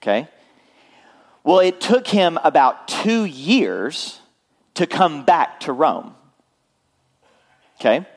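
A man's voice: fairly high pitch, big pitch swings, takes it slowly, long pauses. Male pastor, conversational sermon delivery, frequent check-ins with the congregation. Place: church.

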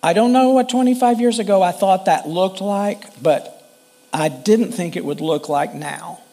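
Slow-talking high-voiced male pastor. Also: warm tone. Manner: earnest, conversational preaching with frequent restarts. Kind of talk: sermon.

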